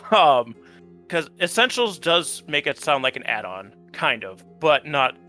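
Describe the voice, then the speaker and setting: A man who played in a tabletop game, talking it over in a relaxed, rambling way with many ums. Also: a little high, unhurried, soft background music. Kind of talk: casual post-series chat.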